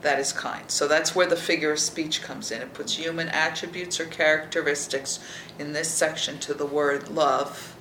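A Bible teacher reads scripture aloud and explains it verse by verse, often asking "okay?" and sometimes dropping to a soft near-whisper. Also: mid-range voice, steady tone, normal speed, few pauses, echoey room, slight background noise, rough recording. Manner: checks in with listeners by asking "okay?".

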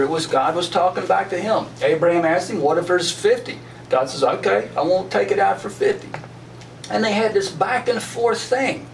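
Man, high voice, folksy Bible teaching, echoey room, mic far off, faint hiss. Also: vocal fry. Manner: folksy, retells scripture in slang. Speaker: Bible study leader.

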